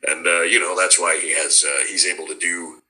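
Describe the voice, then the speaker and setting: A man and cartoon voice actor chatting casually, animated and slipping into character voices as he explains them. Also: low voice, fairly quick, poor audio. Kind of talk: casual chat.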